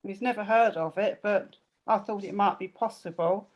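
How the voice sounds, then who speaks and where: A woman's voice: medium pitch, moderate pace, dull audio. A woman taking part in an online quiz over a video call, chatting and thinking aloud. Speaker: quiz participant. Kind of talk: casual chat.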